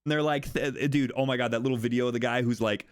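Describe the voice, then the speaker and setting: A man's voice: medium pitch, steady tone, quick pace, slight background noise. Young american guy streaming, rambly and hyped, swears a lot, laughs a bunch, normal mid voice. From United States. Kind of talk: casual chat with chat.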